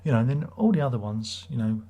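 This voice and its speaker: A man's voice: medium pitch, animated, quick pace, warm tone. A man hosting a casual livestream, rambling and swearing as he reads viewer comments aloud. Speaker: livestream host.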